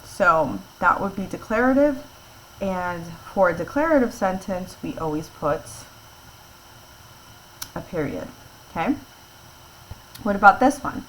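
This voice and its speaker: Patient woman teacher with a lowish voice. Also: expressive, a little slow, pauses often, a little hiss or hum, low-quality recording. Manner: patient, explains step by step and checks in with "okay?". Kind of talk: classroom grammar lesson.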